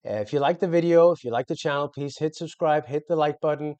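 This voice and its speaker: Male sales coach, casual talk to camera, mellow timbre on the high side, restarts often. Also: quick pace. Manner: loose and conversational, many fillers and self-corrections.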